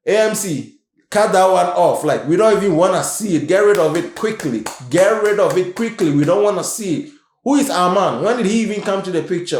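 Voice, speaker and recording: A man reviewing a TV series in casual commentary, animated and emphatic, repeating his points. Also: on the high side, reverberant. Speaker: show reviewer.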